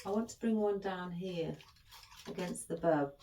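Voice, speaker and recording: A woman's voice: on the low side, a little slow, mellow, slight background noise. A middle-aged woman chatting as she hosts a craft tutorial, rambling and affectionate toward her viewers. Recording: echoey room.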